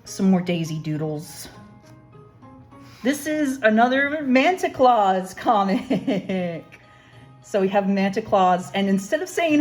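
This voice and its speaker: A woman's voice: medium pitch, animated, slow pace, darkish tone, faint music behind. A young woman artist casually talking through her sketchbook pages, rambling and self-deprecating. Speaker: artist, channel host. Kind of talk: casual sketchbook tour narration.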